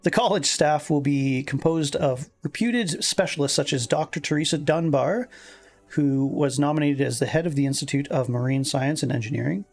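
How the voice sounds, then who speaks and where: A woman's voice: sits low, moderate pace, a little mellow, soft background music. A man voicing a prim middle-aged Scottish woman reading a formal announcement, with an airy lilt. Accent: put-on Scottish.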